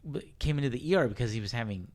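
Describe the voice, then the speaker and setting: A man's voice: mid-range voice, expressive, very fast. A man in casual podcast conversation with a mid-range voice. He rambles and restarts his sentences, piling on fillers as he tells a story. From Hispanic, worked in San Diego. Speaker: podcast co-host. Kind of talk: casual chat.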